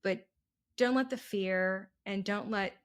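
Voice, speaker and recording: A middle-aged woman giving calm, encouraging advice as a podcast guest. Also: medium pitch, slow pace. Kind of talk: casual interview chat.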